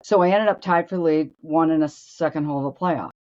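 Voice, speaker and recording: A woman's voice: deep voice, quick pace, a little mellow, muffled recording. An older woman co-hosting a show, telling blunt, brash stories and acting out the voices of people in them. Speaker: co-host and former tour golfer. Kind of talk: animated storytelling.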